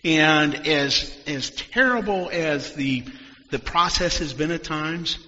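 A man preaches a reflective sermon in a bright, slightly high voice, often sinking almost to a whisper. His words ring out through a large hall with a long reverb, and the sound is dull and muffled. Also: slow pace. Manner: reflective storytelling, dropping to near-whispers.

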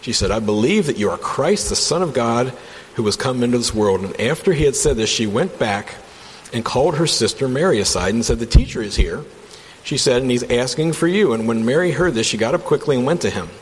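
A man's voice: mid-range voice, animated, fairly quick. A man leading a casual Bible study from home, reading passages and commenting with enthusiasm in a conversational way. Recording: long reverb, faint background hum.

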